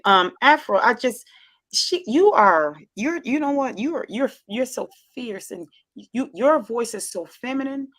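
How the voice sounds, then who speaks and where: A woman with a Southern accent hosting a casual chat, effusive and expressive, often repeating herself. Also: medium pitch. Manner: loud and expressive by her own account. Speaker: talk show host.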